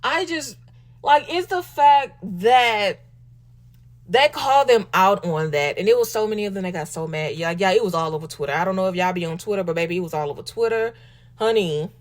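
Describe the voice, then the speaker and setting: A podcast host with a Southern US accent runs a casual commentary talk show, sassy and animated, calling her listeners baby and y'all. Her voice is medium in pitch and moves at a moderate pace.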